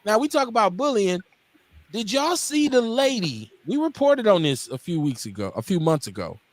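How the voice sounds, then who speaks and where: A man's voice: high-pitched, normal speed, no room sound. A man in his forties from Milwaukee, hosting a casual talk radio show, blunt and profane, acting out the people in his stories. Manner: animated storyteller, acts out quotes.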